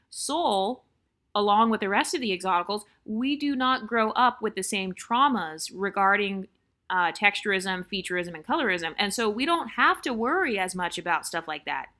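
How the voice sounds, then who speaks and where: A woman's voice: medium pitch, pushed and bright. A woman vlogger giving blunt, opinionated commentary on online comments, repeating her points for emphasis.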